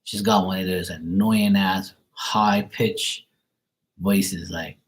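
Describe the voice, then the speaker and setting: A man's voice: low voice, fairly even intonation, slow, poor audio. A man chatting casually on a livestream as a tarot reader, blunt and profane, ranting with chuckles.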